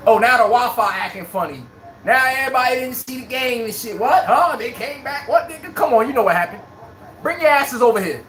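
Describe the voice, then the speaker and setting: A man's voice: very high voice, animated, a little fast, a bit bright, reverberant, slight background noise. A man hosting a live sports fan stream, trash-talking rival fans, reading out chat comments and laughing often. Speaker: sports livestream host.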